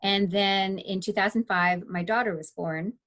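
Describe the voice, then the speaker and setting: A woman in her forties, a teacher and author as guest, telling stories in an animated way and acting out her own thoughts. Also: mid-range voice, measured pace. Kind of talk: casual interview storytelling.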